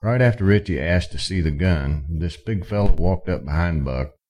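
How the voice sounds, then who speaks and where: A man reading a western story aloud in steady, measured narration. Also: low-pitched. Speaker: audiobook narrator. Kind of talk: scripted narration.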